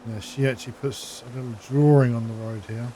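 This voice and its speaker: A man's voice: medium pitch, fairly even intonation, brisk, dark tone, slight background noise. A man giving casual, chatty gameplay commentary, thinking aloud as he plays. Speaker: gaming channel host.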